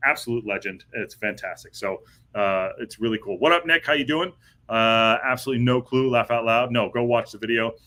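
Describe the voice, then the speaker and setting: A man hosts a live football podcast, chatting casually and rambling with plenty of fillers and restarts in a live-stream style. His voice is mid-range and brisk, with a sharp tone.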